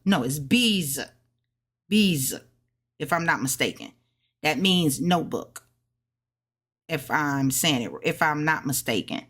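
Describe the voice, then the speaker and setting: A woman casually explaining her study notes, sounding out words slowly and correcting herself. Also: low-pitched, expressive, fairly bright tone. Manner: thinks aloud, self-correcting, sounds out tones slowly. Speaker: language learner sharing study notes. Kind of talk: casual study vlog lesson.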